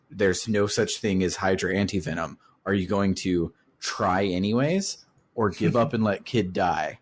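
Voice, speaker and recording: A man's voice: low-pitched, unhurried. A man hosting a casual video game discussion, laughing often and hesitating with fillers. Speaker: podcast host. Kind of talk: casual game-club chat.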